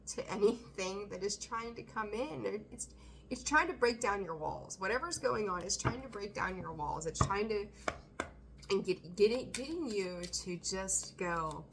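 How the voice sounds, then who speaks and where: A woman's voice: mid-range voice, lively intonation, unhurried, a bit bright, a little hiss or hum. A woman doing a casual tarot reading, talking bluntly, swearing freely and laughing often. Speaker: tarot reader.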